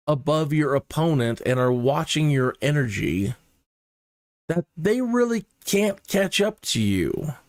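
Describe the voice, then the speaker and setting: A man's voice: on the high side, dry recording. A man narrating his own flight simulator session in a mannered, storytelling, self-mocking way, speaking into a close desk mic. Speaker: flight sim video host. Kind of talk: casual gameplay narration.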